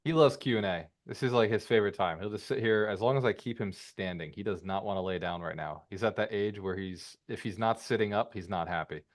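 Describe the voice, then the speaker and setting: A man's voice: fairly low pitch, fairly quick, few pauses, no echo, clean studio sound. Upbeat man hosting an online Q&A. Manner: upbeat, calls people brother. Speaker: webinar presenter. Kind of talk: casual online Q&A. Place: home. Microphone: video call.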